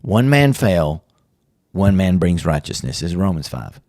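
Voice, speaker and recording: A man with a lowish voice walks through theology in a relaxed podcast chat. His pitch swings a lot as he explains. He tosses in quick asides as he goes, and the sound is dry and close. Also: dry recording. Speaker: podcast host teaching theology. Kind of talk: casual theology teaching chat.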